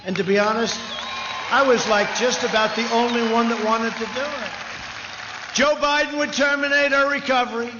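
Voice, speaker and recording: At a large rally venue, a man speaks off the cuff in a very high voice with a steady tone and moderate pace, rambling, boasting, and wandering into asides. Crowd noise fills the noisy background, and the echoey lo-fi rally sound system carries his political speech.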